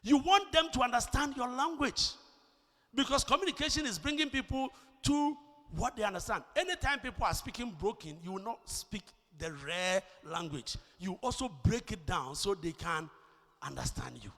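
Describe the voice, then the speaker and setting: Animated Ghanaian preacher in a reverberant hall. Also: male voice, sits high, moderate pace. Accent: Ghanaian English. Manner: emphatic, rising to shouts on key points; repeats words when starting a thought. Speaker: pastor. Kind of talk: sermon. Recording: long reverb of a large church hall.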